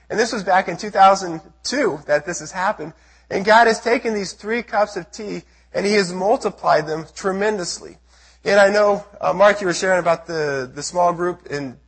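Man from the United States, missionary testimony sermon, earnest storytelling, husky high voice. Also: a bit bright. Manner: earnest storytelling, acts out his own prayers and quotes. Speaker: missionary speaker.

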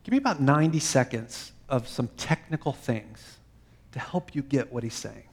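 A man preaching a sermon, swinging from emphatic lines to soft, quiet phrases. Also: mid-range voice, animated, moderate pace, vocal fry, slightly rough. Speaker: pastor.

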